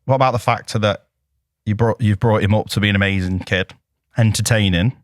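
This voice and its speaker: A man's voice: fairly low pitch, fairly even intonation, fairly quick, no room sound. A man co-hosting a podcast, talking in a dry, teasing and sarcastic way. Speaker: podcast co-host. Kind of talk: casual chat.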